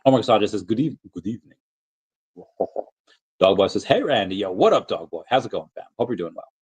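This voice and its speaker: A man's voice: on the low side, animated, fairly quick, a little mellow, breathy edge, poor audio. A man hosting a casual livestream, rambling loosely with fillers and restarts as he reads viewer comments. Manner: playful, drops into sung and silly voices reading comments. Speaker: livestream host reading chat.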